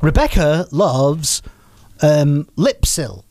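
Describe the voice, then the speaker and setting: A woman's voice: low-pitched, expressive, extremely slow, a little mellow, dry recording. A woman hosting a radio show, teasing her co-host and laughing. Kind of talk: casual radio chat.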